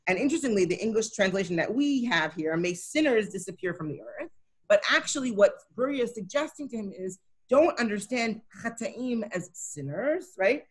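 A woman's voice: mid-range voice, expressive, normal speed, slightly rough. Woman teaching a text, asking "right?". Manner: explanatory, often checks in with "right?". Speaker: Talmud teacher. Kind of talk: co-taught text study session.

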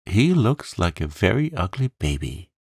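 A man voicing a kind, imaginative young girl who talks in a soft, coaxing, crooning way. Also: deep voice, big pitch swings, normal speed, husky, no room sound, studio quality, heavily acted. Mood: tender, playful.

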